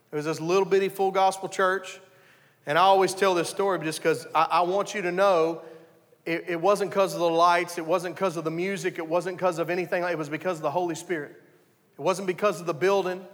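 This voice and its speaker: A man's voice: sits high, a bit bright, big-room sound. A man preaching a conversational sermon, telling his story earnestly and often restarting his sentences. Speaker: pastor.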